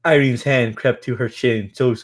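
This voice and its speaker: A man with a mid-range voice reads a book aloud for a stream. His reading is casual and halting, full of restarts, slips and stifled laughter as he pushes on through the text. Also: mid-range voice, fairly even intonation.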